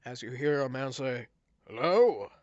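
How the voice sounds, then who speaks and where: A man's voice: medium pitch, unhurried, dry recording, highs cut off. A man narrating a tabletop game as game master, telling the story with frequent restarts.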